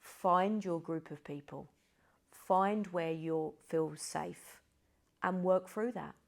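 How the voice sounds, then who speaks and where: A woman's voice: lowish voice, slow, gravelly. A middle-aged woman, a yoga teacher, giving an informal spiritual talk with candid, chatty storytelling.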